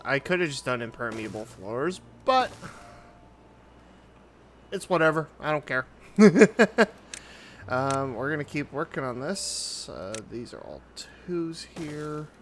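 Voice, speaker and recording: A man giving casual commentary on his own gameplay, thinking aloud as he builds in a relaxed way. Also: fairly high pitch, measured pace, a little hiss or hum. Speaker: gaming YouTuber. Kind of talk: casual let's-play commentary.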